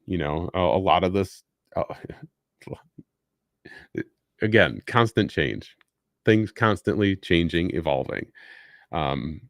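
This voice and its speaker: Rambling low-voiced man hosting a stream. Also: vocal fry, no room sound, studio quality. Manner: rambling, loose, lots of fillers and restarts. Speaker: host. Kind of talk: live stream Q&A talk.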